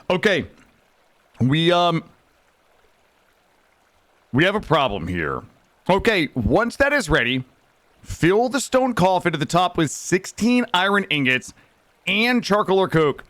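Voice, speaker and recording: A young man streaming a game live, talking to his chat in a loud, excitable way with sudden yelps. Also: sits high, takes it slowly, long pauses, dry recording. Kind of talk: live gaming stream commentary.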